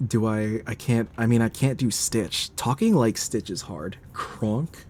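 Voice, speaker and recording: A man's voice: on the low side, normal speed, a little mellow, a little hiss or hum. A man streaming a game, chatting casually, laughing often and grumbling about the game.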